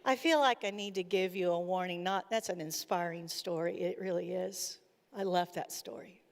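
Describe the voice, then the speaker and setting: A woman's voice: on the low side, fairly even intonation, normal speed, creaky. A woman giving a chapel sermon in an earnest storytelling manner, retelling what people said. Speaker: chapel speaker. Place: college chapel. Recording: echoey hall reverb.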